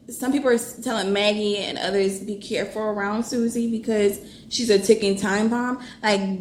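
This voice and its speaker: A woman talks through a book in a casual reading vlog, animated and quick to swear. Her voice sits fairly high. The room is echoey, with faint background noise. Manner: animated, swears freely, bursts of laughter and exclamation. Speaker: book vlogger.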